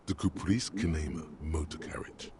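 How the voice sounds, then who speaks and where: A man voicing the wry, grandiose second-person narrator of a detective game, deep and gravelly. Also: moderate pace. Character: omniscient inner voice of a detective, male, ironic. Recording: game audio with noticeable background noise.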